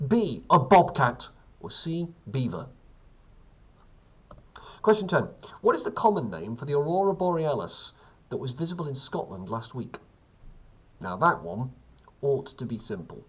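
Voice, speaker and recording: Husky man reading a chatty quiz. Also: mid-range voice, very animated, measured pace, long pauses. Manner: chatty, self-deprecating, rambling asides. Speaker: quiz host. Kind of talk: casual quiz reading with asides.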